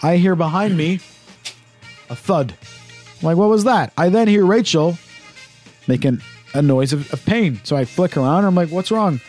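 A man casually telling a story on a podcast, animated and full of swearing. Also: fairly high pitch, moderate pace, pauses often, faint music behind.

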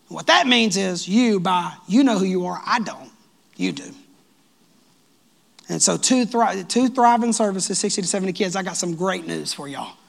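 Gravelly high-voiced pastor preaching. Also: male voice. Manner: lively, joking with the congregation, talks in dialect. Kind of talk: sermon. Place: church sanctuary.

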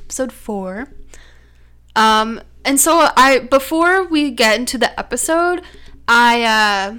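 A woman's voice: on the high side, fairly bright tone, smooth. A young woman co-hosting a podcast, chatting casually about a true-crime story with lots of "like" and "um". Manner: chatty, many fillers like "like" and "um". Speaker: podcast co-host.

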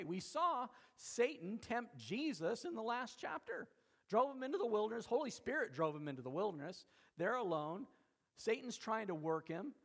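Guy preaching a sunday sermon, kinda high voice, chatty, keeps asking okay?. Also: gravelly, slightly rough. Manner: conversational preaching, frequent "okay?" check-ins. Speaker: pastor.

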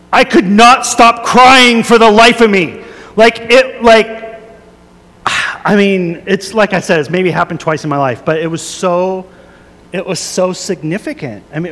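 Earnest pastor preaching, slightly high voice. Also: male voice, measured pace, long reverb tail. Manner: earnest, confessional, many fillers and restarts, soft prayerful then rising emphatic. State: a little emotional. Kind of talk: sermon.

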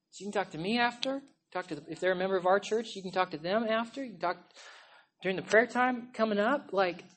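A woman pastor preaching a sermon in a church, passionate and pleading, often shouting, with a chatty, conversational manner. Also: mid-range voice, fast talker. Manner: impassioned, yelling and pleading; conversational, with frequent "like" and "okay?".

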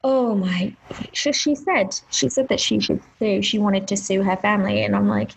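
A woman co-hosting a podcast in casual chat, talking in an animated way that rises in pitch when she gets worked up. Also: moderate pace, gravelly, a little hiss or hum, low-quality recording. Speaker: podcast co-host.

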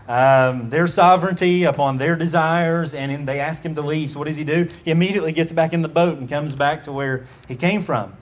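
A man preaching an expository sermon, earnest and measured, with frequent ums and restarts. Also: a little high.

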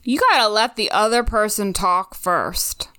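A woman's voice: medium pitch, a little slow, bright, forceful tone, clean tone, no echo, studio quality. A woman co-hosting a TV recap podcast in casual chat, musing and asking rhetorical questions. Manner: conversational, offers life advice, asks rhetorical questions. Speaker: podcast co-host.

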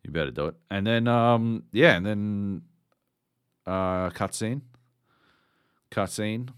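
A man's voice: fairly low pitch, slow pace, clear, resonant tone, no echo, clean studio sound. A man co-hosting a podcast, ranting sardonically and swearing constantly in casual chat. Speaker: podcast co-host.

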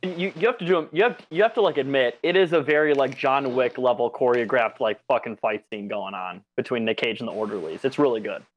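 A man's voice: medium pitch, fairly quick, hardly any pauses, dull audio. A man co-hosting a podcast in a casual, joking way, often stammering on restarts. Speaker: podcast co-host. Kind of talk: casual film chat.

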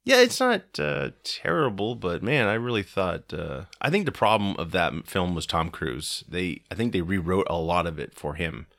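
A man with a very low voice chats in a loose, rambling way as a podcast host. The sound is dry and close, with no room around it. He is in his forties. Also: big pitch swings, moderate pace, few pauses, fairly bright tone, dry recording. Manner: rambling, chatty, laughs easily. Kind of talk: casual chat.

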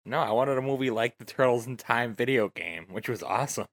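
A man's voice: mid-range voice, expressive, fairly quick, gravelly, dry recording. A man in a casual podcast chat, making short, blunt remarks. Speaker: podcast co-host.

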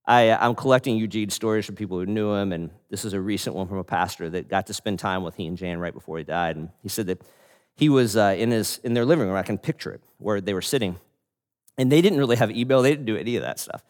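A man preaching a sermon as a pastor, telling stories in an animated way with laughs and frequent restarts. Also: on the low side, fast. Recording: long hall reverb.

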